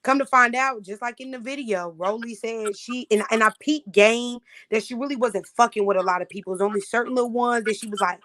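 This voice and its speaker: A woman's voice: fairly high pitch, a little fast, hardly any pauses, a bit bright. A young woman from Florida, chatting casually and bluntly about an audition with lots of slang and profanity. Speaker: audition contestant. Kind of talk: casual chat.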